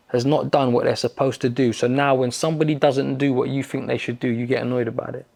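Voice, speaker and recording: A man, a podcast guest, telling a story in casual talk, animated and swearing freely. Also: mid-range voice, quick pace, gravelly, hardly any pauses. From London. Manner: animated, swears freely, acts out quoted exchanges.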